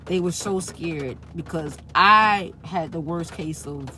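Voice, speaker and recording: A woman's voice: fairly low pitch, slow, pushed and bright, a little hiss or hum. A woman speaking in a casual, rambling spiritual monologue, repeating herself and tagging her points with "right?". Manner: rambling and repetitive, frequent "right?" tags. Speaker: spiritual channel host.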